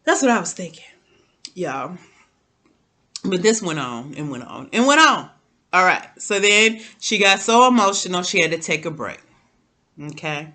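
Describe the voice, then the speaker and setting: Woman, casual TV recap chat, AAVE speech, animated, bright tone. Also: on the low side, normal speed, pauses often. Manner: animated, talks straight to viewers, repeats words. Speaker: TV recap vlogger.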